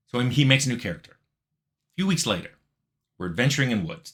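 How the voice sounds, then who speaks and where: A middle-aged man casually telling a funny anecdote in a relaxed, wry way, sometimes laughing as he goes. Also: lowish voice, a little fast. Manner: relaxed, wry, laughs at his own story. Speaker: game developer telling a story.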